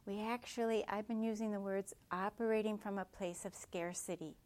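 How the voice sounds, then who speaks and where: Gentle woman giving a dharma talk. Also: mid-range voice, steady tone, normal speed. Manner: gentle, reflective, with soft asides. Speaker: meditation teacher.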